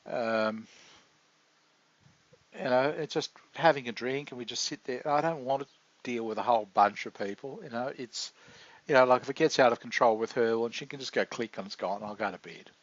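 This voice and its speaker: A man talks through a rambling video diary, halting and confessional as he stops and restarts his thoughts. His voice sits at an ordinary middle pitch. The recording is dull and lo-fi, with a dry sound and no room echo. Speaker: vlogger.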